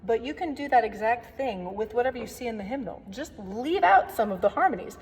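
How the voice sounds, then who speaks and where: A woman organist teaches hymn playing in a recorded workshop lesson inside an echoing church, explaining in a friendly, chatty way with playful asides. Her fairly high voice is expressive, brisk, and slightly rough. Long reverb and faint background noise fill the recording.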